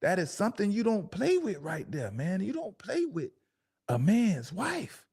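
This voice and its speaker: A man with speech hosts a talk show, reacting to a clip in a loose, animated way. His voice sits a little high for a man and he leans hard on emphasis. The delivery is casual and conversational. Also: slightly rough. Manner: animated, laughing, drawn-out emphatic asides. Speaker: show host.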